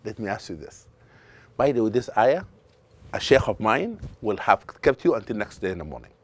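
A man's voice: on the low side, sing-song, moderate pace. A middle-aged man, an imam, teaching a class on Quran recitation, quizzing his students and breaking into chanted verses. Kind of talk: lively classroom lesson.

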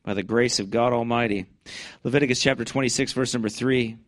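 A man preaching a fervent Baptist sermon, swinging from conversational asides into loud, high-pitched bursts of scripture. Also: fairly even intonation, a little fast.

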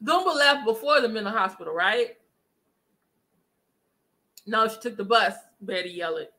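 High bright-voiced woman vlogger. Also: moderate pace. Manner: chatty, addresses viewers directly, animated retelling. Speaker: commentary vlogger. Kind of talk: casual gossip commentary.

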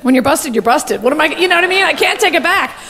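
High-voiced stand-up comedienne, brash gossipy delivery, fast. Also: female voice, animated, pushed and bright, big-room sound, slight background noise. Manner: rapid, gossipy, brash and profane.

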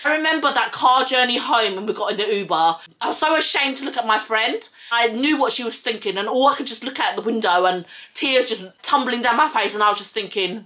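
A young woman, telling a personal story in casual chat, animated and acting out what people said. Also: fairly high pitch, a little fast, few pauses. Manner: animated, acts out quotes, swears. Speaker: vlogger telling her story.

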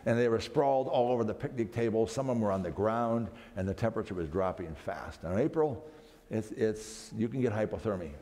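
A man's voice: on the low side, a little fast, few pauses, dark tone. A man speaking at a camp meeting, telling a story dramatically for family worship, often restarting his phrases. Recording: long hall reverb, faint background noise.

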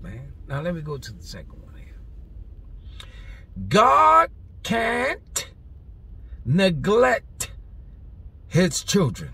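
A man preaching an energetic, playful sermon, swinging from loud shouted bursts to quiet asides. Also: medium pitch, slight background noise. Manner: exuberant, shouting bursts, playful scat sounds. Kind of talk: energetic street-style sermon.

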